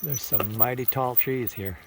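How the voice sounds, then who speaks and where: A man's voice: medium pitch, measured pace, noisy background. A man with a Minnesotan accent, casually narrating outdoors as he tours park trails on a recumbent trike, chatty and pointing things out along the way. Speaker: trike touring vlogger.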